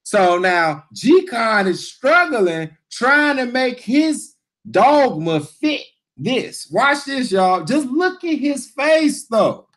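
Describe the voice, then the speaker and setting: High-voiced man howling with laughter. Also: very animated, extremely slow, fairly bright tone. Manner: laughing uncontrollably, exclamatory, slangy, repeating himself. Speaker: priest and video reactor. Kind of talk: reaction commentary on a video.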